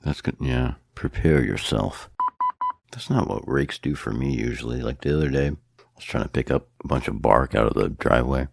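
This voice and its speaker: A man co-hosting a podcast in casual chat, trading deadpan jokes. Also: rumbling low, a little fast, gravelly. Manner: deadpan joking. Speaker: podcast co-host.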